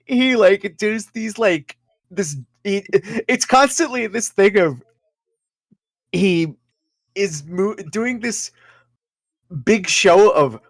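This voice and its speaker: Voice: mid-range voice, slow pace, pauses often, dry recording. A game master narrating a tabletop game, rambling with many fillers and frequent giggles.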